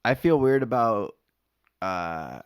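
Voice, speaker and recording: A man's voice: lowish voice, very animated, slow, clear, resonant tone, no room sound, studio quality. A man hosting a podcast, chatting casually with short, laid-back replies. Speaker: podcast host.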